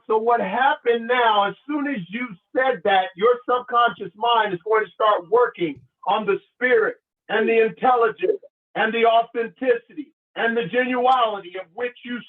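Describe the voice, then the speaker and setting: A man giving a motivational talk, animated and preacherly, leading his listeners in call and response and telling stories. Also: very high voice. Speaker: motivational speaker. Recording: tinny phone-line sound.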